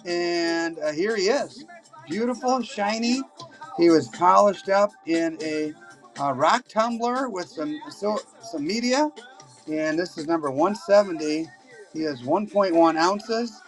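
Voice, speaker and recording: A man hosting a live coin auction stream, talking casually and exclaiming excitedly over silver coins. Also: sits high. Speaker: livestream auction host.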